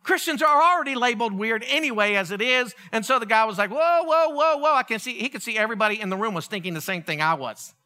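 A man preaching a sermon, telling the story in an animated, joking way. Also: sits high, fast, hardly any pauses. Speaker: pastor. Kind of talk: humorous sermon.

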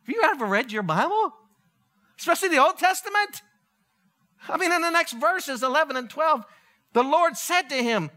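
A man preaching a sermon, telling the story in an animated, joking way. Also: extremely high pitch, moderate pace, long pauses. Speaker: pastor. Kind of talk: humorous sermon.

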